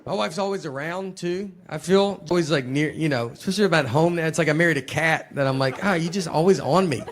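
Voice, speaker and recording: A man doing a stand-up set, telling stories in a deadpan, rambling way and often restarting his sentences. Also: on the high side, fairly quick, some chatter behind. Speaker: stand-up comedian. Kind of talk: stand-up set before a laughing audience.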